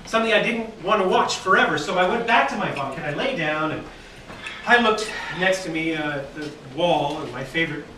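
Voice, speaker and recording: A man giving a humorous keynote speech at an awards dinner, telling an absurd story in a playful way with deadpan asides. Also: fairly high pitch, brisk. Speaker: keynote speaker. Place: banquet hall at an awards dinner. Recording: echoey, distant hall recording with loud noise.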